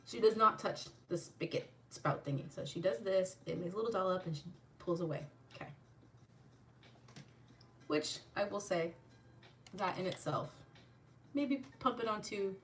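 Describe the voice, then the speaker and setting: A woman hosting her channel, telling a profane, animated story while doing a makeup tutorial, acting out the people in it. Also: lowish voice, distant mic. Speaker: channel host.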